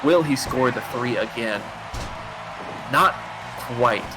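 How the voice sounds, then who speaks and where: A man doing live wrestling commentary, excitable and often laughing at the action. His voice sits at a middling pitch, and music plays clearly behind him. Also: slow. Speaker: play-by-play commentator.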